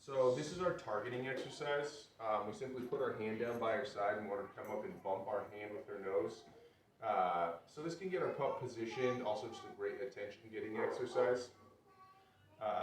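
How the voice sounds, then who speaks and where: A man's voice: lowish voice, moderate pace, a crowd in the background. Man dog trainer, distant roomy sound. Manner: relaxed, instructive, praising the dog. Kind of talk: outdoor training demonstration. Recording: roomy, distant mic with loud noise.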